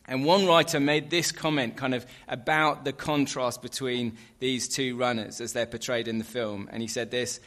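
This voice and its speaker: A man preaching a sermon in a relaxed, conversational way, with fillers and light asides. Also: medium pitch, normal speed, hardly any pauses.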